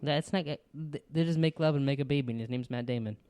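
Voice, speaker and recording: A man's voice: mid-range voice, quick pace, warm tone, clear, resonant tone, dry recording. A young man co-hosting a podcast, joking playfully in casual banter with his father. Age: young adult. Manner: playful, joking, sing-song. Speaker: podcast co-host.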